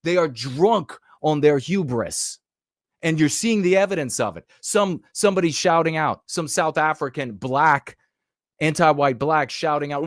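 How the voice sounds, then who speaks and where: A man's voice: on the high side, expressive, unhurried, no echo, studio quality. A man giving heated, emphatic podcast commentary over news clips, with frequent rhetorical flourishes.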